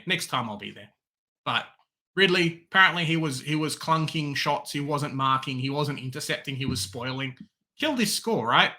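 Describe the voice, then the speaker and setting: A young Australian man hosting a fantasy football show in casual chat, animated, swinging from loud excitement to resigned muttering. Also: medium pitch. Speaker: fantasy football podcast host.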